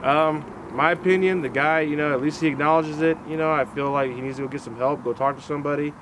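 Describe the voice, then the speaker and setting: A man's voice: on the high side, fairly even intonation, fast talker, noisy background. A man from Alaska co-hosting a casual outdoor chat, acting out quotes in funny voices. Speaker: co-host.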